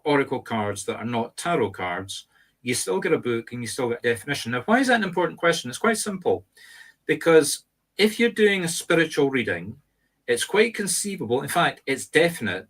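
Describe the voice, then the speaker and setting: A middle-aged man with a Scottish accent talks in a casual discussion. His pitch sits in the middle of the range. He explains things in the emphatic, instructive way of a teacher. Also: big pitch swings, brisk, fairly bright tone. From Scotland. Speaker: medium and co-host. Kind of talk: casual panel chat.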